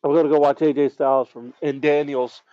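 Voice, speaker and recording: A man co-hosting a podcast who talks casually in a relaxed way, often trailing off softly. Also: a little high, a little fast, no room sound. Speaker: podcast co-host. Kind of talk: casual chat. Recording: slightly dull, lo-fi.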